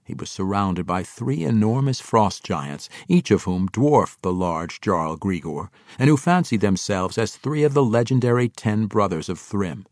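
A man narrating a fantasy audiobook in an expressive storytelling manner on a close microphone. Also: fairly low pitch, a little slow, few pauses, no echo. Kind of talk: scripted narration.

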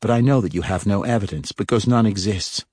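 A man narrating a fantasy story, voicing a calm, composed young female dark elf with a slightly lifted tone. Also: on the low side, a little fast, breathy edge, no echo, studio quality, pitched above the performer's own voice. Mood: poised.

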